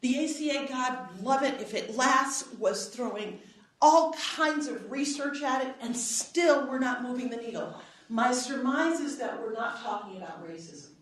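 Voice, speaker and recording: Middle-aged woman lecturer, higher voice, animated storyteller, recorded from afar in a reverberant hall. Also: a little slow. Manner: animated storyteller, acts out quoted dialogue, frequent "right?". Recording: echoey hall, voice from far off.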